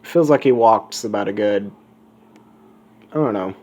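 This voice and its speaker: Man, casual fan story narration, rambling asides, slow pace, low voice. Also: darkish tone. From United States. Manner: rambling, self-correcting asides.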